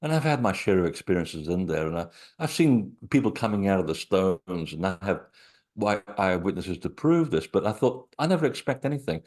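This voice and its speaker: A man, an author being interviewed, telling lively personal anecdotes full of asides and quoted thoughts. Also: low voice, fairly quick. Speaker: author and researcher of sacred sites. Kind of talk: conversational interview storytelling.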